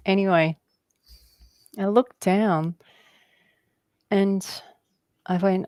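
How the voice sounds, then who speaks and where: Here a female guest laughs frequently while telling slow, rambling spiritual stories in conversation. She has a lowish, steady, darkish voice, recorded without echo.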